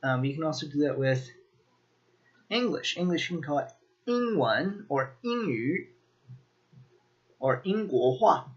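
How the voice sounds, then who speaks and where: Slow, relaxed man teaching vocabulary. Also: fairly high pitch, muffled recording. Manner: relaxed, lots of ums and restarts. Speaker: language teacher. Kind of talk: casual video lesson.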